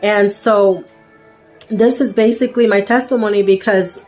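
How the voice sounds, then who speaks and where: A woman's voice: mid-range voice, fairly even intonation, moderate pace, darkish tone, soft background music. A young woman telling a personal faith testimony in a casual, storytelling way, tossing in frequent "right?" asides and fillers. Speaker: vlogger sharing a faith testimony.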